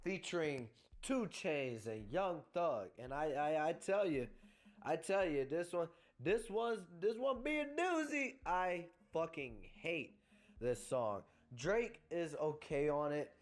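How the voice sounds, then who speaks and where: A man's voice: fairly high pitch, expressive, slow. A young man giving a profane, exasperated album review rant, stumbling over restarts and repeating himself as he vents. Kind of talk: ranting music review.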